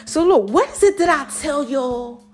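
A woman's voice: high voice, lively intonation, moderate pace, soft background music. A woman hosting a podcast, giving playful, preachy encouragement in casual slang. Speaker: podcast host. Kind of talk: casual motivational podcast talk.

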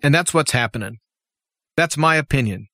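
A man's voice: fairly high pitch, expressive, normal speed, sharp tone, dry recording, clean studio sound. A man giving an impassioned, opinionated political commentary monologue as a talk show host, full of rhetorical questions. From United States.

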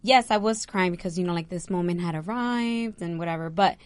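A young woman, a bride, chatting casually and telling an animated story with lots of "like". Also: lowish voice, fairly quick, clear, resonant tone, no room sound. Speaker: bride recounting her wedding. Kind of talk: casual chat.

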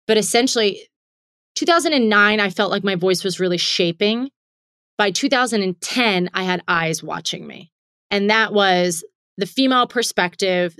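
A woman comedian from Pittsburgh, in her thirties, telling her story in an interview with lively listing runs. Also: medium pitch, no echo, clean studio sound. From Pittsburgh, Pennsylvania. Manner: animated, lists things in quick repeating runs. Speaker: comedian guest.

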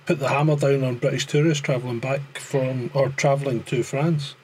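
A man's voice: medium pitch, fairly even intonation, normal speed, a little mellow, slight background noise. A Scottish man in casual podcast chat, blunt and sweary, with a joking edge. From Scotland. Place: living in France.

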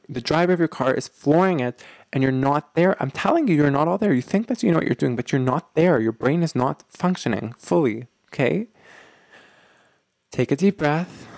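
A man's voice: fairly high pitch, darkish tone, no room sound. A man hosting a relationship advice talk, speaking earnestly and emphatically, often checking in with the listener and rambling with many fillers. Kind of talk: direct-to-audience advice talk.

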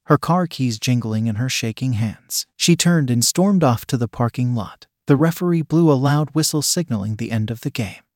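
A man reading a story aloud as narrator in an even, matter-of-fact way. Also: mid-range voice, moderate pace, hardly any pauses, dry recording, clean studio sound.

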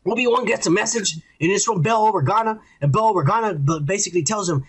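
A man co-hosting a podcast, ranting profanely in casual chat and acting out scenes in quick quoted voices. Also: sits high, fairly bright tone, husky. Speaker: podcast co-host.

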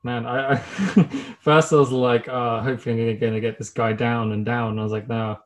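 A man's voice: mid-range voice, little pitch movement, fairly quick. A man hosting a podcast in casual chat, playfully putting dilemma offers to his guest like a game-show host.

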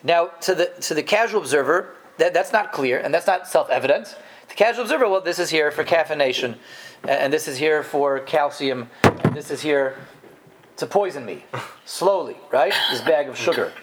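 A man teaching a live Torah class, his voice sitting a little higher than most men's. He talks animatedly, punching key words with sudden lifts and sinking into low asides. He jokes easily with his students. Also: moderate pace. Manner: animated, emphatic, jumps between loud stresses and low asides.

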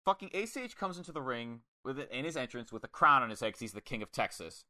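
A man casually reviewing a wrestling match, excitable and swearing often, acting out lines in quoted voices. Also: mid-range voice, fast, no room sound, studio quality. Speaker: podcast co-host.

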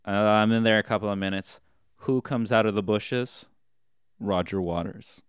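A man with a low, smooth voice spins a long, meandering comic tale. He restarts and corrects himself as he goes. The sound is close and dry. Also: normal speed, no room sound. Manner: rambling, self-correcting storyteller. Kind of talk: casual rambling anecdote.

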